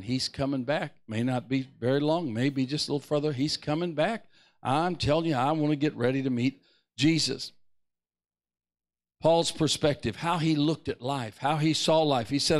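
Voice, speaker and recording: High-voiced emphatic male preacher. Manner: emphatic preaching with big swings in pitch and loudness; repeats key phrases for emphasis. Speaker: pastor. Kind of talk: sermon. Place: church sanctuary.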